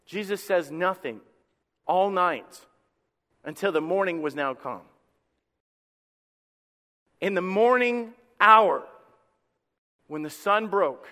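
A man preaching a sermon as pastor, with impassioned delivery that swings from hushed to loud and a habit of repeating his first words. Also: high voice, animated, slow pace, long pauses, in a large hall. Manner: repeats words when starting a phrase.

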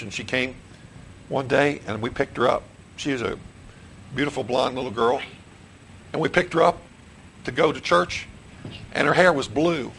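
A man's voice: medium pitch, creaky, fairly bright tone, a little hiss or hum, rough recording. A middle-aged man, a pastor preaching a sermon in a church, who repeats questions to the congregation and restarts his phrases. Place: church sanctuary.

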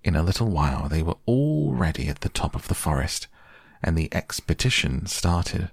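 Man, storybook narrator, calm, measured, very deep voice, dry recording. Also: breathy edge, no room sound. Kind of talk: storybook reading.

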